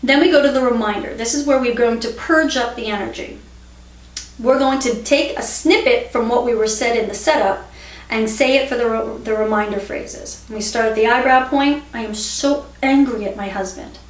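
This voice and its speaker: A middle-aged woman calmly explaining a tapping technique as an instructor, in a steady teaching tone. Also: a little high, normal speed. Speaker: EFT instructor. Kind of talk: instructional explanation with demonstration phrases. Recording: echoey room, mic at a distance.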